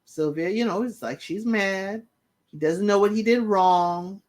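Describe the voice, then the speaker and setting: A woman's voice: mid-range voice, measured pace, darkish tone. A woman hosting a casual recap show, retelling scenes and talking straight to the people in them. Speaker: reality TV recap host.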